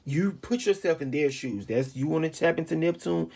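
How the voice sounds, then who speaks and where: Speaking into a handheld phone, an astrology reader gives a casual, informal reading, talking emphatically while rambling and repeating phrases. His voice is a little high, gravelly and darkish in tone, at a moderate pace.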